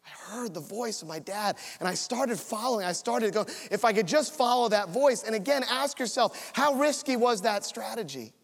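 Male pastor, higher voice, storytelling sermon, long church-hall reverb. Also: normal speed, creaky, few pauses. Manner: storytelling, builds to an altar call. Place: church sanctuary.

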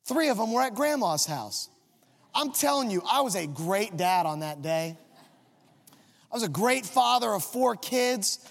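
A high-voiced male pastor with a gravelly edge tells a self-mocking family story from the pulpit. His sermon carries a long reverb from a big hall. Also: expressive, measured pace.

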